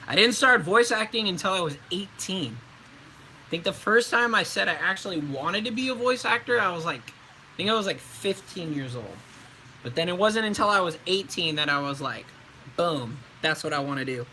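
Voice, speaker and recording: A young man with a high, very bright and forceful voice talks through voice acting tips on a casual livestream. His delivery is chatty and loose, full of fillers and restarts. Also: animated, moderate pace, a little hiss or hum, poor audio. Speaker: voice actor.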